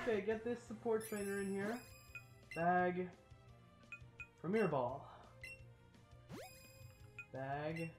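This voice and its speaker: A young man giving casual gameplay commentary, animated and swearing freely as he talks to the game. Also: sits high, slow, pauses often, soft background music. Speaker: gaming YouTuber.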